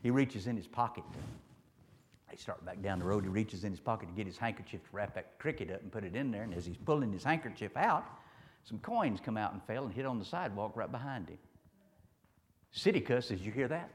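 A man's voice: lowish voice, expressive, brisk, long reverb tail. A man preaching a sermon in a folksy, storytelling way, repeating his phrases and asking the listeners "huh?".

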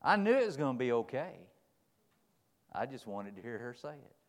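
A middle-aged preacher at mid pitch, spinning folksy stories and throwing rhetorical questions at the congregation. He drops to a hush, then swells loud. His voice carries a long reverb from a church hall. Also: sing-song, normal speed. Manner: folksy, rhetorical questions, big swings between soft and loud. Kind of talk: sermon with folksy storytelling.

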